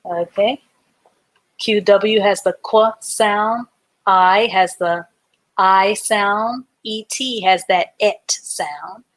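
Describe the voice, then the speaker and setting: A woman's voice: mid-range voice, steady tone, very slow. A woman teaching a live online reading class for adults, patiently spelling words out letter by letter and giving example sentences. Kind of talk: live online literacy lesson.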